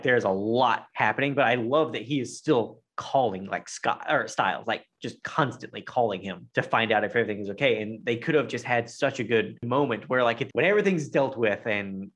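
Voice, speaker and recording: A man's voice: medium pitch, fairly bright tone. A man talking casually as a podcast co-host, eager and often restarting his sentences. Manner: enthusiastic, stammering restarts. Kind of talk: casual chat.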